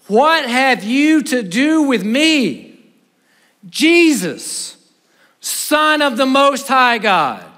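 Man doing a begging demon horde, high voice, slow drawn-out pleas, long hall reverb. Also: sing-song, sharp tone, exaggerated voice. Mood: pleading. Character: pleading horde of demons, male.

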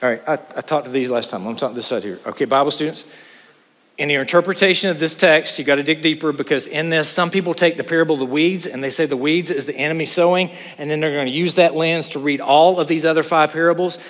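Middle-aged male preacher, higher voice, lively and joking, recorded in a big echoing hall. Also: quick pace. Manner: animated, joking asides, rhetorical questions. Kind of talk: sermon. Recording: hall with long reverb.

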